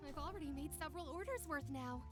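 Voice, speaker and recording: Woman playing a high, polite workshop owner. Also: quick pace, music in the background, natural voice. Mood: explaining. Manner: polite, explaining.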